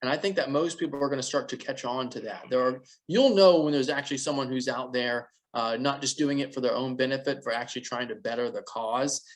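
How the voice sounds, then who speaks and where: A man's voice: mid-range voice, fairly quick, few pauses. A man co-hosting a podcast, talking bluntly and profanely in a rambling, casual political chat. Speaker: podcast co-host.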